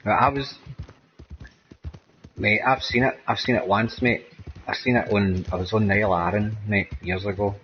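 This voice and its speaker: A man's voice: fairly low pitch, fairly even intonation, normal speed, long pauses, muffled recording, a little hiss or hum. A man with a Scottish accent chatting casually while playing a game, rambling and tagging nearly every sentence with "man" or "mate". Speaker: gameplay streamer. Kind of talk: casual gameplay chat.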